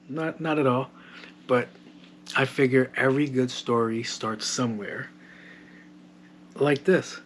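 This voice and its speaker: Male podcast host, relaxed and profane, mid-pitched, recorded at home with light household noise. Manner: loose, joking, swears freely. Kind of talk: casual solo podcast chat. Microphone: modded home microphone. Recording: faint household background noise. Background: household background noise.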